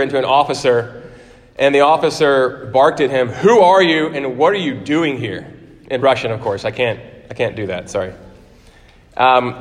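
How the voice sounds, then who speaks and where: A man preaching an Easter sermon in a church, his voice sitting at an ordinary middle pitch. He talks earnestly and conversationally, restarting phrases and slipping in asides. A long reverb from the sanctuary trails behind his words. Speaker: pastor.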